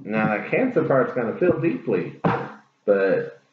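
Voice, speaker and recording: A man's voice: lowish voice, very animated, measured pace, a little hiss or hum. A man giving a casual tarot reading to his viewers, earnest, encouraging and rambling. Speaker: tarot reader. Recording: echoey room, dull lo-fi sound.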